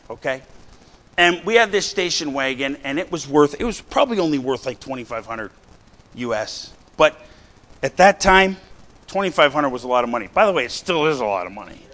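A middle-aged man preaching a sermon to his congregation, chatty and animated, full of rhetorical questions and asides. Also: medium pitch. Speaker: pastor. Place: church sanctuary.

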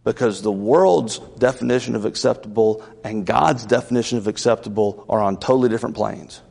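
A man's voice: lowish voice, fairly quick, vocal fry, darkish tone, in a large hall. A man from the South, a pastor preaching a Wednesday night sermon in an earnest, conversational way with asides. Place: church sanctuary.

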